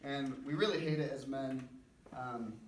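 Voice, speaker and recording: A man's voice: medium pitch, fairly even intonation, measured pace. A young man giving an informal, conversational sermon at a church men's breakfast, with a self-deprecating manner. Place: church gathering room. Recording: roomy, distant mic, faint background noise.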